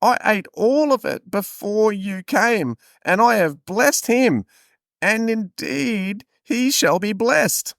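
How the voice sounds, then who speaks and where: A man voicing a confused, trembling old father with a shrill, bewildered manner. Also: animated, slow pace, creaky, fairly bright tone, no echo, clean studio sound, heavily acted.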